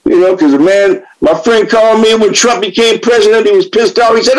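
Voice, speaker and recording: A man's voice: high voice, brisk, few pauses, some chatter behind, rough recording. A middle-aged man sharing his story at a recovery meeting, blunt and profane, turning impassioned and preachy. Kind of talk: spoken share.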